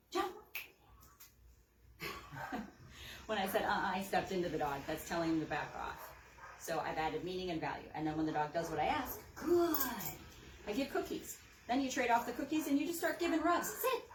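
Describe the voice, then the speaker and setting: Upbeat woman dog trainer, roomy sound. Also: a little hiss or hum. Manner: upbeat, praises the dog with sharp high calls. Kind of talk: hands-on training demo. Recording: roomy, mic at a distance.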